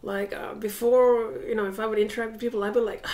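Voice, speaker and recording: A woman's voice: on the high side, level tone, quick pace, few pauses, a little mellow. A woman talking casually to a camera set up across a room at home, reflective and rambling, with many hesitations. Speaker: vlogger. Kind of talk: casual vlog monologue.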